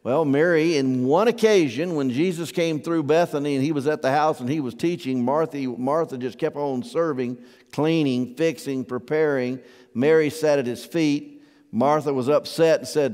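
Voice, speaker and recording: A man's voice: mid-range voice, moderate pace, darkish tone, big-room sound. A man preaching a sermon as pastor, conversational and asking his congregation questions. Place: church hall.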